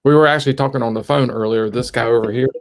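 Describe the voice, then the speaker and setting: A man's voice: mid-range voice, steady tone, racing. A man joining a casual late-night live stream as a guest, bantering playfully and poking fun at himself. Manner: playful, self-mocking banter.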